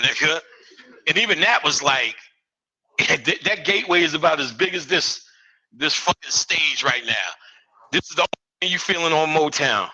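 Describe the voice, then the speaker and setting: A man's voice: a little high, sharp tone, poor audio. A man giving a live lecture, profane and streetwise, full of joking asides.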